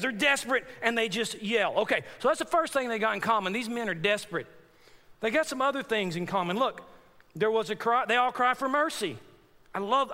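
High-voiced man preaching in a reverberant church. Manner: animated, repeats phrases for emphasis, addresses congregation. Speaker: pastor. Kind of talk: sermon with personal story. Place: church sanctuary. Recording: long hall reverb in church.

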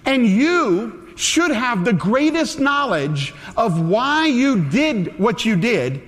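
A man in his forties preaching a sermon, talking in an earnest, conversational way that drops soft and tender at times. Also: extremely high pitch, big pitch swings, takes it slowly. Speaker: pastor. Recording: long hall reverb.

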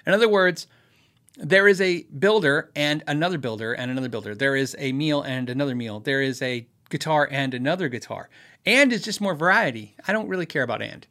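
A man with a fairly high, bright and forceful voice hosts a casual live Q&A. He rambles in an easygoing way, with plenty of fillers, restarts and short laughs. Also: animated, brisk. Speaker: livestream host answering viewer questions on guitars.

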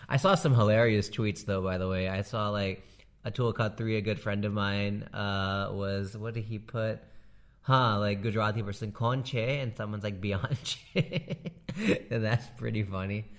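A male comedian rattles through a casual monologue, animated and full of slang, laughing at his own bits. His voice sits on the lower side of a male range. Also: moderate pace.

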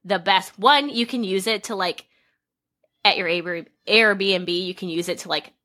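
A woman's voice: mid-range voice, unhurried, pushed and bright. A young woman co-hosting a casual podcast chat, telling rambling anecdotes full of "like". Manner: rambling anecdotal storytelling, heavy use of "like". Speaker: podcast co-host.

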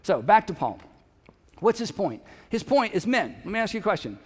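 A man's voice: sits high, big pitch swings, moderate pace, husky. A male pastor preaching a sermon in a church, conversational and joking with the congregation. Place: church sanctuary. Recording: long hall reverb.

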